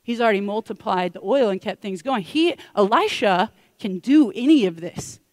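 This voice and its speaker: Woman preacher, animated storyteller, casual slang, close dry mic. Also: medium pitch, moderate pace, no room sound. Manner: lively storytelling, acting out characters with casual slang. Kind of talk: sermon. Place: church.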